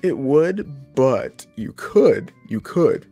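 A man's voice: mid-range voice, very animated, very slow, creaky, dark tone, husky, no echo, soft background music. A man co-hosting a casual podcast chat, emphatic, often repeating himself. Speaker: podcast co-host.

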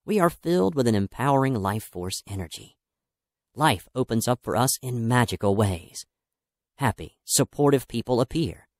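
Lively, upbeat male audiobook narrator. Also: medium pitch, no room sound, studio quality. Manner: upbeat, emphatic and encouraging. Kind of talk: scripted self-help audiobook narration.

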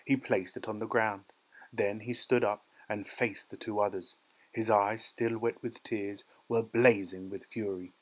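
A man narrating a dark short story as an audiobook, in a measured, dramatic storytelling manner. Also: on the low side, fairly even intonation, low-quality recording. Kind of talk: scripted narration.

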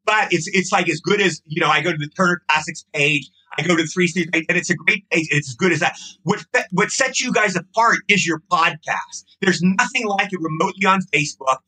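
High, fast, bright-voiced rambling man. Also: slightly rough, rough recording. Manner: rambling, effusive, repeats himself. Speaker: podcast guest, actor. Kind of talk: casual chat.

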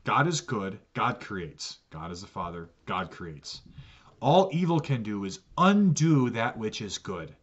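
A man's voice: fairly low pitch, very animated, a little slow, breathy edge, dull audio. A man teaching a church catechism lesson as pastor, earnest, often repeating words as he restarts a sentence.

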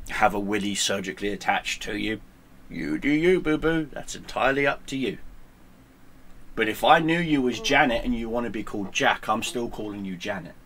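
A man's voice: lowish voice, a bit bright, a little hiss or hum. A man, a gaming streamer, ranting to camera in a sarcastic, combative way with heavy swearing. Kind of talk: profane angry rant to camera.

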